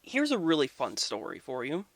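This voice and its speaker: A man's voice: a little high, wildly swooping pitch, normal speed, fairly bright tone, no room sound. A man casually retelling myths as a history video host, informal and conversational with some swearing. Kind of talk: casual storytelling.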